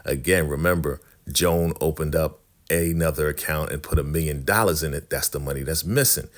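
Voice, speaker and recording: A man casually recapping a TV drama episode, animated and storytelling, acting out the characters' lines. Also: very deep voice, brisk.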